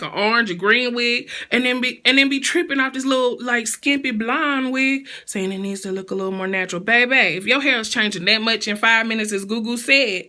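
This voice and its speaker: A woman's voice: on the high side, pushed and bright. A woman recapping a reality show in a sassy, blunt, slangy gossip style.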